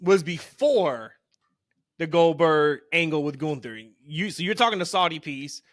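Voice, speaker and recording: A man's voice: on the high side, unhurried, no room sound, studio quality. A man hosting a podcast, chatty and upbeat, often laughing as he talks. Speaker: podcast host. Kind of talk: casual podcast chat.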